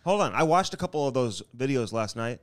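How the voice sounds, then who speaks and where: Brief: male co-host with a smooth, clear voice at mid pitch, chatty and teasing, wanders through stories. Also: expressive, brisk. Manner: rambling storyteller, teasing. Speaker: podcast co-host. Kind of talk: casual banter.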